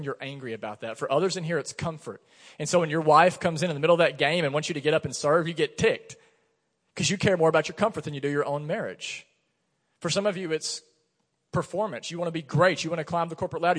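Guy pastor preaching, kinda high voice, chatty storytelling, big echoey church. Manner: conversational preaching with personal stories. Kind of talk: sermon. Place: church sanctuary.

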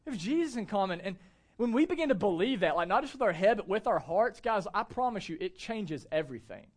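A man in his thirties preaching a conversational, animated sermon to a church gathering. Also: sits high, a little fast. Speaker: pastor.

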